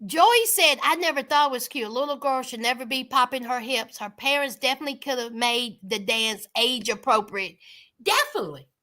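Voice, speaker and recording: A woman hosting a livestream, chatting casually with viewers and calling them by name, animated and exclaiming. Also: high voice, normal speed. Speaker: livestream host. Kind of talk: casual commentary chat with viewers.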